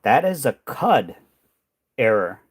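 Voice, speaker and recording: Very animated yet slow, this medium-pitched male voice is slightly rough and echo-free. The coin hunting host chats informally on his stream as he sorts coins, drifting off mid-thought, tired and losing his voice.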